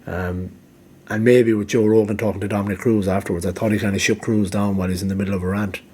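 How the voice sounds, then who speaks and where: A man's voice: fairly low pitch, flat delivery, quick pace, a little mellow, slight background noise. A man giving rambling casual commentary, full of ums and restarts, and he is losing his voice. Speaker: MMA vlogger.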